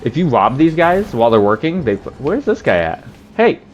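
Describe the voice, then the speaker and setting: A man's voice: mid-range voice, very animated, normal speed, dull audio, a little hiss or hum. A man hosting a let's play, joking and swearing in casual gameplay commentary. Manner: profane, joking, laughs often.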